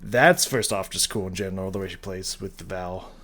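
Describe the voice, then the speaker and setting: This man, who hosts a music reaction channel, speaks in a low, fairly bright voice at a brisk clip. He rambles with enthusiasm as he casually reacts to and dissects a song, humming snippets of the tune and swearing casually.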